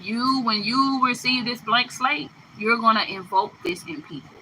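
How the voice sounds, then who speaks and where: Woman doing a tarot reading vlog, bright voice, repeats herself for emphasis, calls you baby. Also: a little high, normal speed, a little hiss or hum, poor audio. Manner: emphatic, repetitive, laughing between phrases; addresses listener affectionately. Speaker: tarot card reader.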